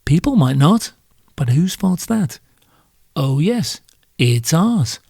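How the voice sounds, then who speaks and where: A man's voice: a little high, sing-song, slow pace, gravelly, darkish tone, breathy edge, no room sound, clean studio sound. A British man hosting a solo podcast, ranting in a sardonic, crude and profane way. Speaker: podcast host.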